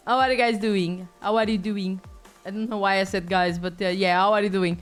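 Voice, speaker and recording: A woman's voice: medium pitch, steady tone, brisk, soft background music. A woman streaming a video game, chatting casually with viewers, rambling and swearing offhand.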